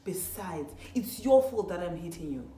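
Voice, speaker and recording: A cold, controlling young boyfriend, as a woman quotes him, curt and blaming. The voice is fairly low and sounds in a roomy, echoing space. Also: lively intonation, normal speed, warm tone, recorded from a distance, faint music behind, lightly acted.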